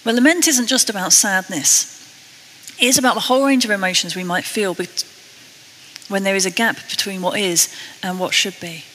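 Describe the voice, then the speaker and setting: A British woman preaching a sermon, earnest and a little self-deprecating, slowing down to read scripture. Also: mid-range voice, fairly bright tone, big-room sound, slight background noise, low-quality recording. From Britain.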